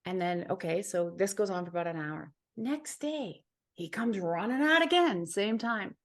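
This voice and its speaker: A woman's voice: medium pitch, animated, moderate pace. A woman from Ontario, Canada, a healer and psychic, telling a personal story as an interview guest in an earnest, heartfelt way, repeating phrases for emphasis.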